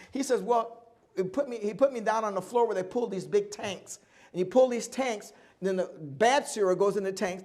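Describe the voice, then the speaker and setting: Animated older man telling stories. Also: high voice. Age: 70s. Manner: animated storyteller who acts out dialogue and laughs often. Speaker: oral history guest. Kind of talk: live oral history storytelling.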